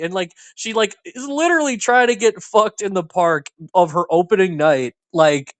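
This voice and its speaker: A man's voice: high voice, normal speed, hardly any pauses, no echo. A young man co-hosting a podcast, casually recounting movie scenes and acting out the characters' lines. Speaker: podcast co-host. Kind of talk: casual chat.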